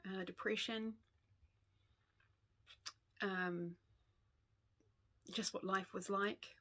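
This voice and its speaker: A woman's voice: medium pitch, fairly even intonation, very slow, bright, forceful tone. A grandmother in her fifties with a New Zealand accent, chatting casually to camera about her stitching, going off on tangents and laughing often. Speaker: stitching vlogger.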